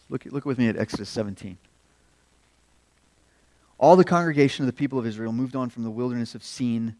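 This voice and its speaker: A man preaching a sermon, working through a scripture passage, raising his voice to act out quotes and dropping low for key points. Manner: expository preaching, acts out quotes with rising pitch and volume; drops to hushed tones on key points.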